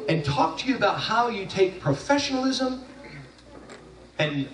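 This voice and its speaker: A man's voice: high-pitched, big pitch swings, unhurried, a little hiss or hum. A man giving a graduation speech, telling a funny story in a loose, jokey way with frequent restarts. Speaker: graduation speaker. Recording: echoey hall from far off.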